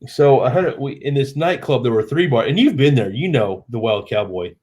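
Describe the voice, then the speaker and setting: A man with a mid-range voice hosts a live stream at a brisk pace. He tells a long, rambling story in a relaxed, self-deprecating way, acting out what the people in it said.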